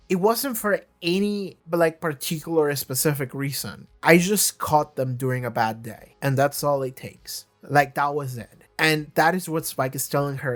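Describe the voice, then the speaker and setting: A man talking through a TV season in a loose, rambling monologue. His voice sits a little higher than most men's, and he leans hard on filler words and casual swearing. He restarts sentences often as the thoughts pile up. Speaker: video reviewer.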